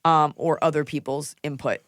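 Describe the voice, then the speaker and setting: A woman's voice: low-pitched, little pitch movement, normal speed, no echo, clean studio sound. A woman in her thirties hosting a podcast, giving blunt, casual advice and swearing freely. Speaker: podcast host.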